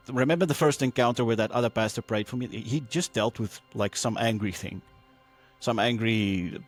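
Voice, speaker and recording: Animated man telling a personal testimony. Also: on the low side. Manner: animated, acts out quoted voices, many fillers. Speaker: podcast guest.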